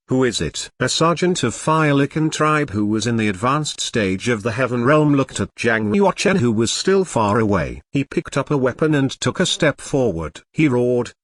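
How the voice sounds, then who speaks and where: Brief: male audiobook narrator, mid pitch, lively reading, dry close mic. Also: dry recording. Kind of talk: audiobook narration of a fantasy novel.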